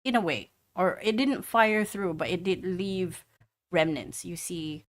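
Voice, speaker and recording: A woman running a tabletop game with a somewhat low voice. She narrates descriptively and often pauses and restarts her sentences. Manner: descriptive, with many fillers and restarts. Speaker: game master.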